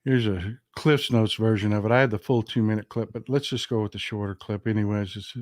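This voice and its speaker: A man's voice: lowish voice, fairly even intonation, fairly quick, no echo. Southern guy ranting on his live stream, folksy and emphatic, dry sound. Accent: Southern American. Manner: folksy, emphatic, talks to chat. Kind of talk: casual political commentary.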